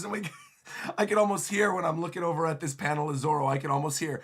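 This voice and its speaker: A man livestreaming his reaction to a manga chapter, giving excitable, animated commentary into a desk microphone. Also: fairly high pitch, fast talker, creaky, slightly rough.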